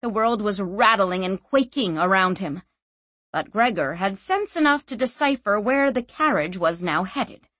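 A woman's voice: mid-range voice, fairly bright tone, dry recording. Woman narrating a fantasy audiobook.

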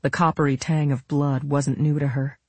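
A narrator reading an audiobook in steady scripted narration. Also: mid-range voice, moderate pace, slightly rough, no echo. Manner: steady storytelling.

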